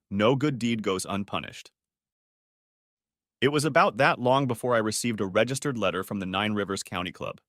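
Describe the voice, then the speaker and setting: A man's voice: on the low side, dry recording. Man with a dry, close voice reading a story. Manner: steady storytelling, first person. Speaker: narrator. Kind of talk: scripted audiobook narration.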